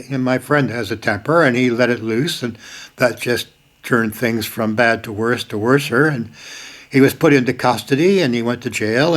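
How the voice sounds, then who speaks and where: A man's voice: mid-range voice, fairly bright tone. An older man talking straight to the camera, emphatic, repeating key lines and breaking into sudden bursts of force. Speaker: video host. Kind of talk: casual spoken commentary.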